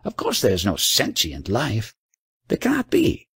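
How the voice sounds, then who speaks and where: A man reads the part of a skeptical male lab assistant in a spoken storybook. He speaks brusquely, in a low, husky voice with a gravelly edge, recorded dry. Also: wildly swooping pitch, a little slow, fairly bright tone, dry recording, exaggerated voice.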